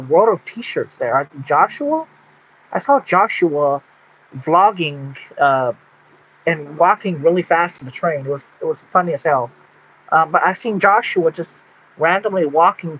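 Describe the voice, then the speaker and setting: A man from Texas talks to his camera in a loose, rambling way, restarting his sentences as he goes. His voice sits a bit high for a man and has a husky edge. The recording sounds dull and lo-fi. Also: a bit bright. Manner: rambling, with many restarts and fillers. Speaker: vlogger. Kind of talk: rambling casual monologue.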